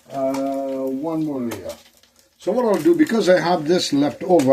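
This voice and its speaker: A man's voice: fairly high pitch, darkish tone, a little hiss or hum, low-quality recording. A man hosting a casual cooking demonstration in his kitchen, chatting to viewers and repeating phrases as he works. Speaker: cooking show host.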